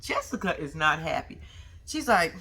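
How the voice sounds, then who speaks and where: A woman's voice: sits low, big pitch swings, normal speed, bright, forceful tone, a little hiss or hum. A young woman recapping a reality show in a sassy, slangy way, talking back to the people on it and making frequent asides to her viewers. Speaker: vlogger.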